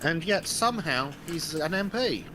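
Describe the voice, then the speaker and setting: A man's voice: on the high side, animated, normal speed, noisy background. An Australian man, a guest in a casual gaming chat, talking bluntly and swearing. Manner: blunt, sweary, dry agreement.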